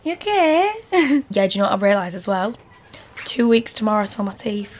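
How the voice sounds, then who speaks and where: A woman's voice: mid-range voice, fairly even intonation, fast, slight background noise. Young woman, Northern English accent, chatty rambling vlogger, filler-heavy, phone mic at home. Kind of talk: casual vlog chat.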